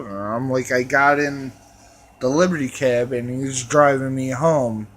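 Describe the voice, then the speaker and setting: A man's voice: mid-range voice, steady tone, a little slow, a bit bright. A man telling a crude, swear-filled story in a rambling way, restarting and repeating himself. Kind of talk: profane storytelling rant.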